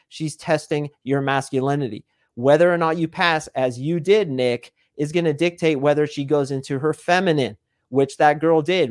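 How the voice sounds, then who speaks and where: A man's voice: fairly high pitch, no echo, clean studio sound. A man who is a dating coach, a podcast guest, explaining with confidence and acting out quoted dialogue.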